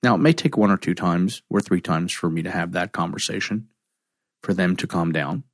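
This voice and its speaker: A middle-aged male counselor reflects on emotional triggers, telling stories animatedly and acting out quoted conversations. His low voice moves at a moderate pace, recorded with clean studio sound and no echo.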